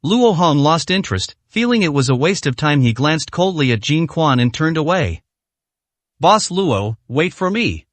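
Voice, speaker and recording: A man narrating a dramatic story in a steady, scripted reading. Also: fairly high pitch, normal speed, few pauses, no room sound.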